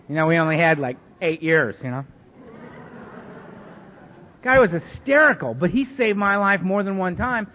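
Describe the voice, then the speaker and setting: A man's voice: high voice, lively intonation, moderate pace, pauses often. A middle-aged man speaking at a recovery meeting, telling self-mocking, humorous stories with many conversational asides. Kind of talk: recovery talk with personal stories. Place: meeting hall before an audience. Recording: reverberant hall, dull lo-fi sound.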